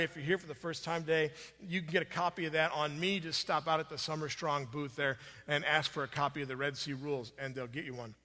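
A man's voice: a little high, bright, forceful tone, in a large hall. A man preaching a sermon, telling a story in a conversational way with restarts and fillers. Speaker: pastor.

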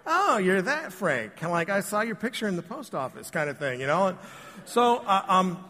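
A man preaches in an easygoing, conversational way, joking with the people in front of him as he tells stories. His voice sits a little high for a man. The sound carries a long reverb from a church sanctuary. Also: lively intonation, fairly quick, pushed and bright. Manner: casual, joking, addresses the congregation directly. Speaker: pastor. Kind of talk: conversational sermon with storytelling.

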